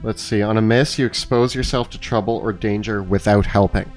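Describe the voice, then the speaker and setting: A man running a tabletop game as game master, with measured, descriptive narration. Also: on the low side, fairly even intonation, faint music behind.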